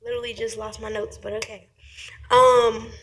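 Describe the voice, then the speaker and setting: A young woman at a podium microphone in a meeting room, giving a public comment. She talks quickly and earnestly, with plenty of ums, and sounds grateful. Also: on the high side, little pitch movement. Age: young adult. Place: county commission meeting room.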